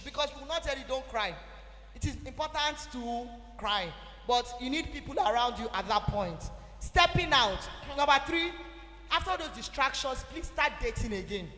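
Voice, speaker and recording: Nigerian English woman speaker, high and bright, emphatic, echoey church hall. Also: fairly quick. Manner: animated, emphatic, exhorting the audience. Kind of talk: teaching talk at a church event. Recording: echoey hall with faint music.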